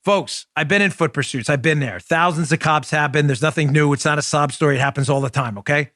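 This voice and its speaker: A man in his forties with a Queens, New York accent hosts an opinionated talk show, speaking fast and emphatically in a fairly high voice with a fairly bright tone. He keeps firing rhetorical questions straight at his listeners. The recording is dry and close, with no echo.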